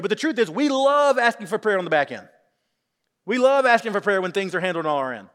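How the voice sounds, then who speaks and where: A man in his thirties preaching a sermon, animated, acting out quotes with shifts in voice. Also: high-pitched, quick pace. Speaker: pastor. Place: church sanctuary with congregation. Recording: long hall reverb.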